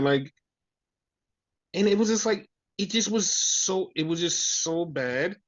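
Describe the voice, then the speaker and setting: A man with a high, light voice rants on a podcast, swearing often and sounding exasperated. The audio is muffled and lo-fi. He talks in loose, casual chat. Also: lively intonation, unhurried. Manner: profane, exasperated ranting. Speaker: podcast host. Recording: dull lo-fi audio.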